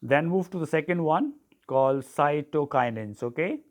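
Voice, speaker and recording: A teacher giving a tutorial, dictating notes, spelling terms letter by letter, often saying "okay". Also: male voice, a little high, expressive, normal speed. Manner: repeats "okay" and "so", clears throat often. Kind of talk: classroom tutorial.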